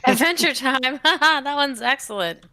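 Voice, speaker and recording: Brief: bright-voiced woman player, playful teasing banter over voice chat, slight background hiss. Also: high voice, unhurried, rough recording. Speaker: streamer and group player. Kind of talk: casual gaming chat.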